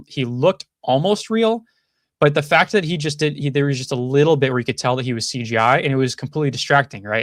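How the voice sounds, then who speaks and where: A man's voice: medium pitch, a bit bright, no echo, clean studio sound. A man hosting a casual commentary show, thinking aloud with frequent restarts and hedges. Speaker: podcast host.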